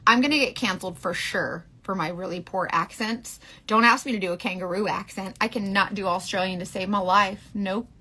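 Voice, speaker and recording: A woman's voice: medium pitch, a little fast, hardly any pauses, sharp tone. A woman in her forties hosting a casual live makeup stream, chatty, rambling and candid with her viewers. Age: 40s. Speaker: beauty livestream host.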